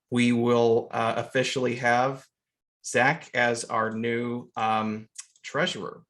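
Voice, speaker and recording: A man chairing an online meeting on a video call, halting and full of fillers as he runs through procedure. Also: medium pitch, little pitch movement, a bit bright.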